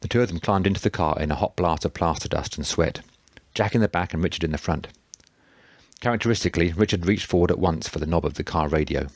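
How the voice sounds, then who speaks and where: Male narrator, very deep voice, dry booth sound, steady reading pace. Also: quick pace, no echo. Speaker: audiobook narrator. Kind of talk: scripted narration.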